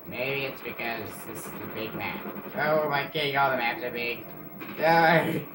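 A man giving live gameplay commentary, chatting to himself, getting frustrated and yelling out sudden bursts. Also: medium pitch, moderate pace. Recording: distant mic, roomy echo, loud background noise.

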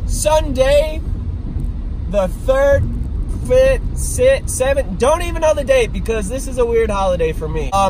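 A young man with a stuffed-up nose from allergies, rambling and joking in a casual vlog while driving. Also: high-pitched. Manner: rambling, joking, self-mocking. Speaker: vlogger. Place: inside a car. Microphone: phone propped on the dashboard. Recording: noisy car interior, road noise.

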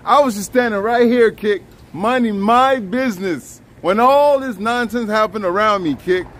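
A man livestreaming outdoors on a city street, bantering loudly, laughing and swearing into a handheld phone. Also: sits high, normal speed. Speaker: IRL livestreamer. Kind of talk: casual street banter on a live stream.

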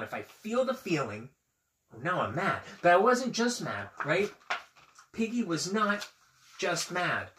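A man teacher reading a picture book aloud to children, expressive and asking his listeners questions. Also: high voice, reverberant.

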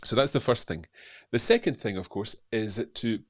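A middle-aged man with a low voice hosts a live stream and chats easily through viewers' comments. He talks in a relaxed way, with plenty of uh and um. The sound is close and dry, with no room around it. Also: normal speed, no room sound. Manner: relaxed, chatty, with frequent fillers. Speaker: host.

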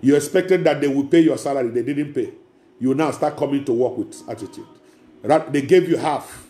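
A man's voice: medium pitch, normal speed, mellow, reverberant. A man, preaching a sermon as pastor, emphatic and repetitive, speaking straight to the congregation.

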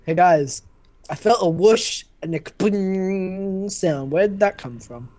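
A man's voice: high-pitched, takes it slowly, a little mellow. A man chatting casually and goofing around with friends while playing a game, teasing them and humming tunes. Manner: goofy and teasing, hums tunes. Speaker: gaming video host.

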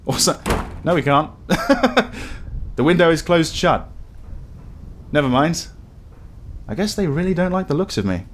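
A man's voice: mid-range voice, animated, moderate pace, pauses often, a little hiss or hum. A man casually commenting while playing a game, with chatty, self-deprecating asides. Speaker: let's play host.

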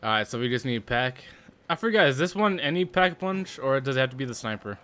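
A man's voice: mid-range voice, lively intonation, fairly quick, sharp tone. Joking young man hosting a game session. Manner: joking, laughs often. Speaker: gaming channel host. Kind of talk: casual gameplay chat with friends.

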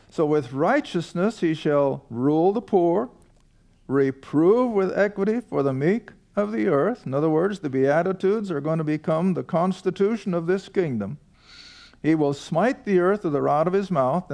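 A man's voice: on the high side, darkish tone. An older man teaching a Bible study to a seated class, reading verses aloud and putting folksy questions to the listeners. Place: room with a studio audience.

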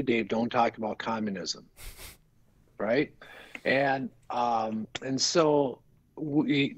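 A man's voice: medium pitch, no echo, highs cut off. A man guest on a business podcast, telling stories in an earnest, rambling way full of restarts. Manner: earnest, rambling, frequent restarts and "you know". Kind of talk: casual storytelling interview.

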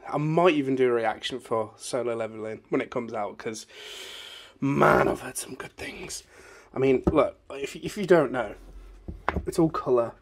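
Male YouTuber, voice going hoarse, casual and rambling, recorded on a phone in his bedroom. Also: medium pitch, moderate pace, a little mellow. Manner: rambling, chatty, easily sidetracked. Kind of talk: casual vlog room tour.

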